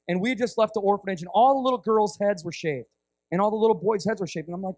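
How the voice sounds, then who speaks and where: A man's voice: high-pitched, fast, dry recording. A man preaching as a guest speaker, telling a vivid story, acting out voices and checking in with "right?" often. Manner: animated storyteller, acts out voices, frequent "right?". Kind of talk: storytelling sermon.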